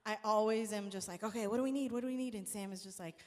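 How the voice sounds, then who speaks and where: A woman host and singer telling stories in a casual chat on a live stream, animated and laughing often as she acts out quotes. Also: mid-range voice, quick pace, big-room sound.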